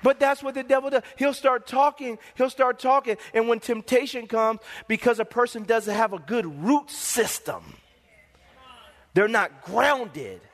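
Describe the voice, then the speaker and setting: A man's voice: very high voice, a little slow, a bit bright. A male pastor preaching a sermon in an emphatic, repetitive, call-and-response manner, with a long hall reverb.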